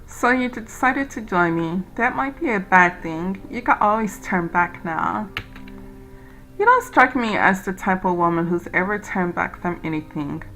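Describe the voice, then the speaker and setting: A woman voicing a calm, motherly tea-room lady who speaks in a gentle, measured way. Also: mid-range voice, soft background music, rough recording.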